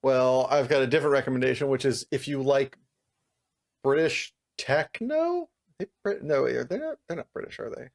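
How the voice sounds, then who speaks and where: A man with a gravelly, fry-laden voice at a middling pitch, talking casually as a podcast co-host. He is relaxed and profane and laughs easily. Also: quick pace, hardly any pauses. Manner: laid-back, profane, laughs often. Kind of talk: casual chat.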